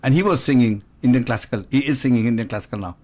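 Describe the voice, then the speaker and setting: Fast-talking man in his sixties, rambling. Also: medium pitch, a little mellow. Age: 60s. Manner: expansive, digressive storyteller who demonstrates with his voice. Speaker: guest musician. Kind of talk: conversational radio chat.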